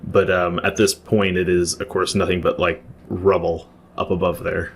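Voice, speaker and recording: A man's voice: low voice, level tone, moderate pace, slight background noise. A man narrating a tabletop game as game master, describing scenes at length with frequent restarts.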